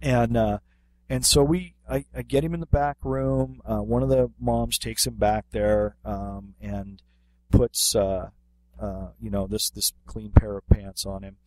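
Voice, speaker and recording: A fairly low, slightly slow male voice belongs to a podcast co-host and martial arts instructor recounting something funny. His casual, animated telling is thick with fillers and restarts, recorded without room sound.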